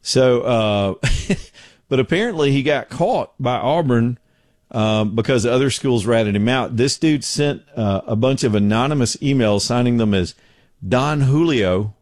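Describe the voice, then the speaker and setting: His medium-pitched, slightly mellow voice is unhurried as he tells jokey, folksy stories. He's a middle-aged radio host running a casual talk show from home, recorded without echo.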